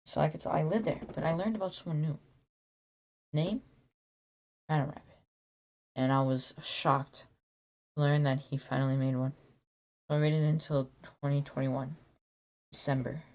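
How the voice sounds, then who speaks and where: A man telling an absurd made-up origin story in a rambling, deadpan way, full of restarts and acted-out quotes. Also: mid-range voice, normal speed, pauses often. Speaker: YouTuber.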